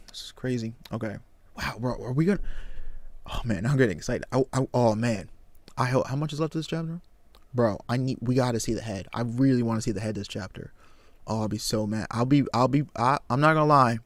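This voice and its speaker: Excitable man reacting, dry sound. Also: medium pitch, dry recording. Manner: excitable, exclaiming, casual slang. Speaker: comic reaction streamer. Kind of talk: reading aloud and reacting to a comic.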